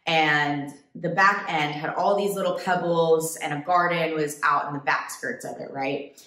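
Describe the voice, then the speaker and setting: A woman from the United States, a travel vlogger, telling a story to camera in a chatty, animated way. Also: deep voice, unhurried, reverberant. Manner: chatty, animated, quotes people in put-on voices.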